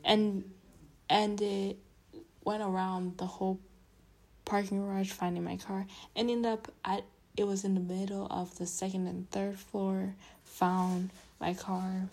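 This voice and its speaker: A woman's voice: medium pitch, flat delivery, measured pace, a little mellow, low-quality recording. A young woman vlogging casually, telling a self-deprecating story in a rambling, chatty way with many restarts.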